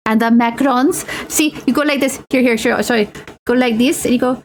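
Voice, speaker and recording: A woman's voice: a little high, steady tone, brisk, a little hiss or hum. A young woman streaming as she builds miniatures, chatting playfully and making silly sing-song noises. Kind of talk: casual chat while crafting miniatures.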